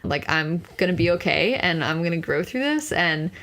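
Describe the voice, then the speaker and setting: A woman's voice: fairly low pitch, lively intonation, moderate pace, fairly bright tone. A young woman in her twenties, a podcast guest telling a personal story in an earnest, candid way, full of casual fillers. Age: 20s.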